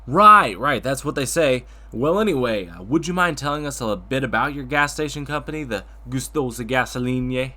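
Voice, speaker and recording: A man's voice: mid-range voice, animated, moderate pace, hardly any pauses, sharp tone. A man hosting a comedic talk show as a friendly tractor, stammering and bumbling over names.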